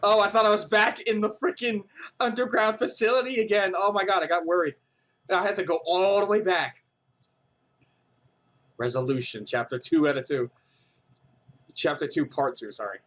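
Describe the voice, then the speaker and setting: A man giving casual, joking game commentary, quick to react. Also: high voice, fairly even intonation, fairly bright tone. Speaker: let's play host.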